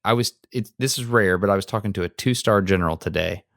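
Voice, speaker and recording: A man's voice: fairly low pitch, fast talker, creaky, fairly bright tone, no echo, clean studio sound. Southern man chatting on a podcast. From Alabama, US. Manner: earnest, self-deprecating, laughs easily. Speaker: podcast co-host. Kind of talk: casual conversation.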